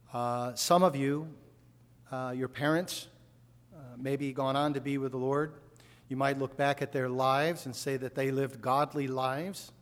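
A man from upstate New York preaches a sermon in a medium-pitched voice, telling family stories in a folksy way before building to fervent emphasis. The recording carries a long hall reverb.

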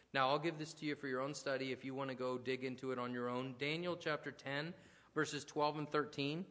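A man's voice: mid-range voice, fairly bright tone. Guy preaching a sermon, chatty storytelling, big echoey church hall. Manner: conversational, storytelling, with restarts and asides. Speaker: pastor. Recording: long hall reverb.

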